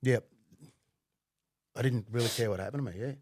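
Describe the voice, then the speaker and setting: A middle-aged man, a podcast guest telling his story bluntly, with plenty of swearing and halting fillers. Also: medium pitch, darkish tone, no echo, clean studio sound. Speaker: podcast guest, former undercover cop. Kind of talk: casual conversational storytelling.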